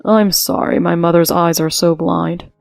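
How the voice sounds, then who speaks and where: A woman's voice: lowish voice, fairly even intonation, measured pace, vocal fry, dry recording. A woman voicing a composed, polite young groom who stands firm. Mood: resolute. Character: calm, resolute young groom. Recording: dry with soft music behind.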